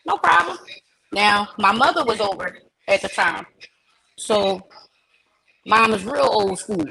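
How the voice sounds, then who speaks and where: A woman hosting a live chat, telling an animated story and acting out the dialogue. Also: mid-range voice, slow, vocal fry, rough recording. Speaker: host.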